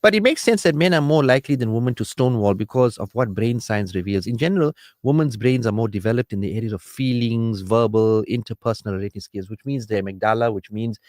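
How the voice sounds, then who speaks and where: Animated male radio counsellor, dry studio sound. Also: fairly low pitch, fast talker, few pauses, dry recording. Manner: animated, preachy, acts out quoted spouses. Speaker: marriage counsellor and radio host.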